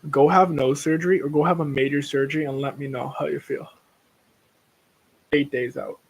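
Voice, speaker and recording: A tired man talks on a casual livestream, rambling from one thought to the next and turning blunt when he rants. His voice sits a little higher than most men's. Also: steady tone, normal speed, slightly rough, poor audio. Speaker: livestream host.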